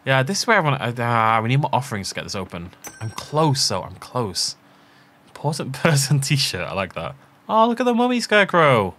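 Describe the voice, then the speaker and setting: A man's voice: medium pitch, very animated, normal speed, fairly bright tone. A man giving chatty let's play commentary, thinking aloud and laughing often as he plays. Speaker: gaming channel host.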